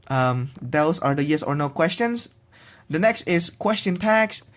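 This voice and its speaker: A young man giving a recorded class presentation on pronunciation. He talks haltingly, restarts often and draws out his example words. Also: high-pitched, expressive. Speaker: student presenting a pronunciation assignment.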